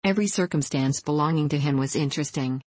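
A woman narrating a classic novel in a measured, even reading. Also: sits low, breathy edge, no room sound. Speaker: audiobook narrator.

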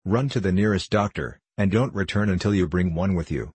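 A man reading the part of a composed valet giving orders in an audiobook, with a deep, husky voice. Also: a little fast, no echo. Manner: steady, commanding.

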